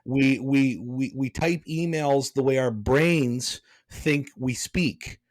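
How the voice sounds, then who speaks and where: A man's voice: medium pitch, slow. A man hosting a podcast, talking bluntly and passionately, rambling with restarts. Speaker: podcast host. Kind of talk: casual podcast chat.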